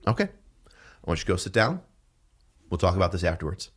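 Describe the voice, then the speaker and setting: Guy telling army stories on a podcast, voice jumps all over, swears a lot, gets loud quoting people. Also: sits low, fairly quick, pauses often, breathy edge. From New York. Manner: animated, profane, shouts when quoting others. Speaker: podcast guest, police detective and drill sergeant. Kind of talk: casual storytelling.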